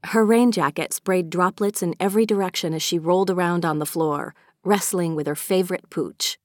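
A woman narrates a children's audiobook in a clear, measured way. Her voice is on the lower side for a woman. The recording is dry and close, with no room sound. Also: darkish tone, dry recording. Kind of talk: scripted narration.

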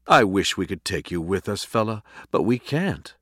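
A man's voice: low voice, sing-song, normal speed, a bit bright, dry recording, studio quality, full character voice. A man voicing a cheerful family father in a storybook reading, upbeat and coaxing.

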